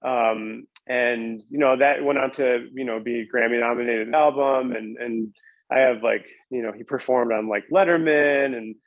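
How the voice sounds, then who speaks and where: A man's voice: mid-range voice, steady tone, moderate pace, no room sound, narrow, tinny audio. A man casually telling a long story as a podcast guest, rambling with lots of "like" and restarts.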